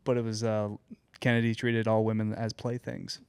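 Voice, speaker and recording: A man with a smooth, clean voice teases his co-host in loose podcast banter. The sound is dry and close, with no room behind him. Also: lowish voice, completely flat delivery, moderate pace, no room sound. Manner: wisecracking, teasing. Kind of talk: casual banter.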